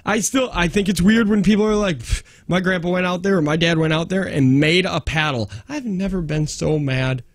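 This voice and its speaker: A man's voice: high-pitched, moderate pace, hardly any pauses, dry recording. A man co-hosting a radio talk show, joking wryly and riffing on his partner's stories from a studio mic. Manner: wry joking, riffs on the other host's stories. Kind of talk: morning radio banter. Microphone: studio microphone.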